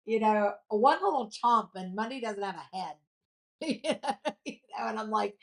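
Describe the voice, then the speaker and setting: A woman in her late fifties hosts a live jewelry shopping show. She talks in a chatty, gushing way and reads viewer comments aloud between the sales pitches. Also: expressive, a little slow. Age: 50s.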